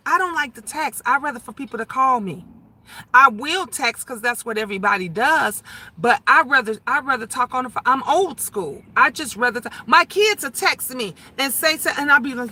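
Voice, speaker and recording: Brief: middle-aged woman, loud chatty livestream host, very bright tone, jumps to high squeals. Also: moderate pace. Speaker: livestream host reading viewer comments. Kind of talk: casual live chat.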